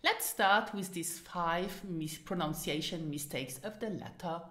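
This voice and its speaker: A woman teaching a pronunciation lesson, saying each word slowly and then repeating it for learners. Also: lowish voice, a bit bright. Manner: patient, models words twice for repetition. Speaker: language teacher.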